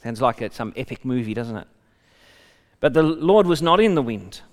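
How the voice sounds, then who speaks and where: A man's voice: medium pitch, lively intonation, moderate pace, big-room sound. A man preaching a sermon, reading a scripture passage aloud and breaking off for conversational asides to the congregation.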